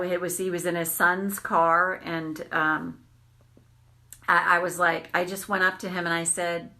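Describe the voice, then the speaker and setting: A woman coaching on tapping, telling candid, animated stories and swearing freely. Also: lowish voice. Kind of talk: casual storytelling monologue.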